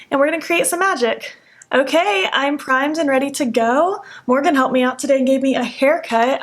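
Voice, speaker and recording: A young woman in her twenties chatting excitedly through a makeup tutorial, gushing about a new eyeshadow palette as she works. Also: a little high. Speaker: beauty vlogger.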